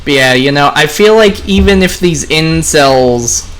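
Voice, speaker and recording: Young man, bright clear voice, casual gaming commentary, rambling, talks straight to viewers. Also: on the high side, expressive, measured pace. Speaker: gaming vlogger. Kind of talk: casual commentary while playing.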